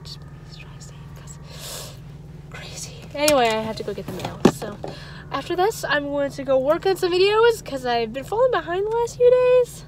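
A woman's voice: high-pitched, big pitch swings, a little fast. A woman in her twenties telling a story in a casual, rambling vlog, chatty with frequent small laughs. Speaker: vlogger. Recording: noisy outdoor traffic background.

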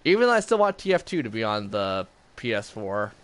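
A man's voice: fairly low pitch, big pitch swings, brisk, fairly bright tone, clear, resonant tone. A man chatting casually in a rambling way while streaming gameplay. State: has the hiccups. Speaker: gaming streamer.

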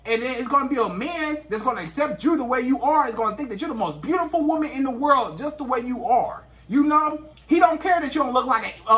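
A man's voice: very high voice, a bit bright. A man giving relationship advice to women in a casual monologue, emphatic and repeating his points again and again.

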